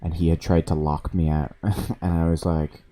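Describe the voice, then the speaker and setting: A man's voice: very deep voice, level tone, normal speed, warm tone. A man streaming a video game on a desk microphone, casually telling stories between moves, swearing freely and laughing along the way. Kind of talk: casual storytelling while gaming.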